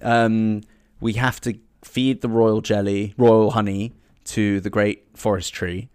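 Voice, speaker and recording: A man's voice: little pitch movement, takes it slowly, a little mellow, clean tone, no room sound, clean studio sound. A man improvising a silly comic story, rambling with many restarts. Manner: rambling, many restarts, bursts into squeaky voices.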